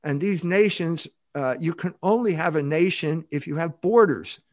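An older man speaks as a podcast guest, his voice sitting fairly high for a man. He talks emphatically and rambles, restarting sentences as he goes. The sound is dry and close. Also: moderate pace, no room sound. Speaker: guest author. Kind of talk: podcast interview.

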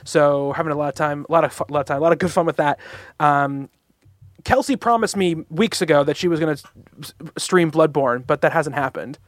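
A young man hosts a casual podcast, talking in a slightly high voice. He rambles, restarts and fills pauses with ums. The sound is dry and close, with no room echo. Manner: rambling, many fillers and restarts. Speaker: podcast host. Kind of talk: casual chat.

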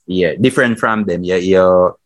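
A man's voice: low-pitched, moderate pace. A Jamaican man co-hosting a podcast, asking questions in patois with ready laughs. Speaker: podcast co-host. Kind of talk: casual interview chat.

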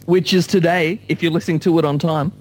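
A man co-hosting a podcast who chips in with quick dry asides. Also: a little high, steady tone, over music. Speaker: podcast co-host. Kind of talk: casual podcast chat.

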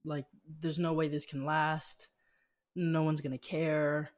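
A man's voice: a little high, little pitch movement, slow. A man quoting his worried grandmother, a hard-working woman from El Salvador, in his own voice. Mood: anxious, scolding.

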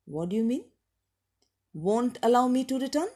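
A woman's voice: on the high side, expressive, normal speed, warm tone, husky, pitched above the performer's own voice. A woman voicing a polite, firm young man who dismisses talk of spirits. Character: skeptical young male traveller, polite.

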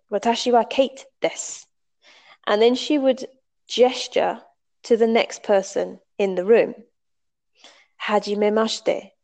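A woman's voice: mid-range voice, gravelly, dark tone. A woman from the United Kingdom, telling a story in a casual, conversational way and explaining step by step with the odd um. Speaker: storyteller recalling a language class.

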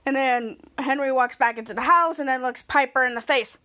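A woman hosting a podcast, excitedly recapping a TV episode in casual chat and laughing often as she retells the scenes. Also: high-pitched, a little fast, hardly any pauses. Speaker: podcast host.

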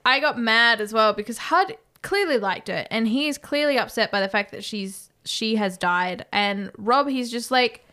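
A woman's voice: a little high, normal speed, hardly any pauses. A woman co-hosting a casual podcast, animatedly recapping a film and acting out lines with swearing. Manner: animated, swearing, acts out quotes. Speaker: podcast co-host.

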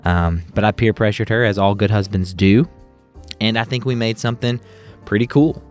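A man's voice: on the low side, moderate pace, faint music behind. A young man hosting a podcast, talking candidly to his listeners in a chatty outro. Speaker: podcast host.

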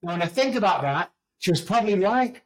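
A man's voice: high voice, animated, brisk, rough recording. A middle-aged man with an English accent, a podcast guest telling his story in a candid, raw way, swearing freely. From England. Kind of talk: storytelling interview.

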